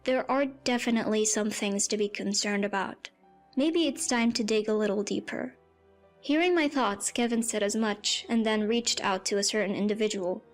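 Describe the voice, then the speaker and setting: A woman narrating a first-person story in a plain, even storytelling voice. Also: mid-range voice, normal speed. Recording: faint music behind.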